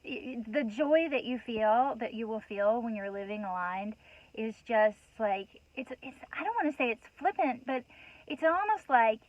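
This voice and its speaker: An earnest woman speaks in a fairly high voice, rambling through a heartfelt spiritual talk with many restarts and "you know"s. She sounds moved and a little worked up. The recording is dull and lo-fi. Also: expressive, normal speed, no room sound. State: emotional, getting worked up. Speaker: host.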